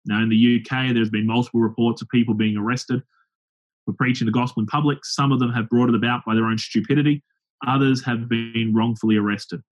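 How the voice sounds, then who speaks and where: Husky-voiced preacher telling lively stories. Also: male voice, mid-range voice, brisk. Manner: lively anecdotal storytelling with acted-out quotes. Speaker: pastor and open-air preacher. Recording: dull lo-fi sound.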